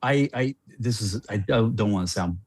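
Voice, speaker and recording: A middle-aged man, a former player as podcast guest, telling a story in a rambling, animated way with many restarts. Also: lowish voice, moderate pace, husky, no room sound.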